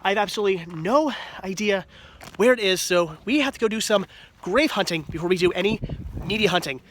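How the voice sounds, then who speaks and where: A man's voice: high voice, a little fast, a bit bright, slight background noise. A man vlogging casually, walking through a cemetery and then a video rental store, gushing with enthusiasm over what he finds. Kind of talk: casual vlog narration.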